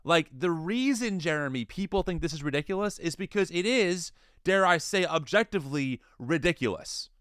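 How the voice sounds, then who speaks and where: Animated, lively-pitched man co-hosting. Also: normal speed, smooth, dry recording, clean studio sound. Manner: animated, incredulous, restarts often. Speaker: podcast co-host. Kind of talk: casual commentary chat.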